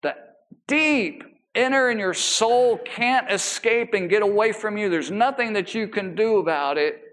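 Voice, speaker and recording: A man preaching a sermon as a pastor, emphatic and animated. He drags out key words for emphasis and slips in casual, joking asides. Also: sits high, a little slow. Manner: casual asides and self-deprecating humor.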